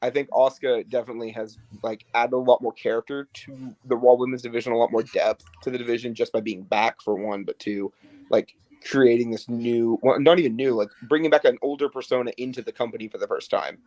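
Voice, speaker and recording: Guy cohosting a podcast, mid pitch, super dry close sound, talks fast and loose with lots of likes and ums. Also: no room sound. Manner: animated, frequent fillers and "like". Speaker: podcast co-host. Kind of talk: casual chat.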